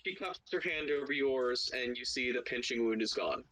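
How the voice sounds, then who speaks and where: A man's voice: mid-range voice, moderate pace, bright, forceful tone, poor audio. A man running a tabletop game as game master, narrating loosely and laughing often.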